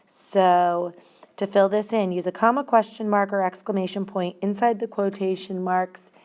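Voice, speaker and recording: A woman teaching a grammar lesson at a measured, deliberate pace. Her pitch sits in a middle range. She stresses single words as she walks through each rule. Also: fairly even intonation, a little mellow.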